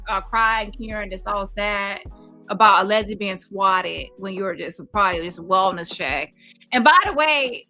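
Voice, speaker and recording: A woman's voice: on the high side, sharp tone. A woman hosting a reaction commentary stream on a phone, mocking and sarcastic as she reacts in disbelief. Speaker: commentary show host.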